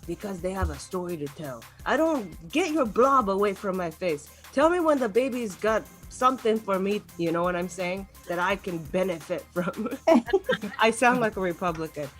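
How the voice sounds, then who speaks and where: A woman's voice: fairly low pitch, animated, normal speed, few pauses, faint music behind. A young adult woman doing a stand-up set online, ranting and laughing at her own jokes. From Los Angeles. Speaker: stand-up comedian.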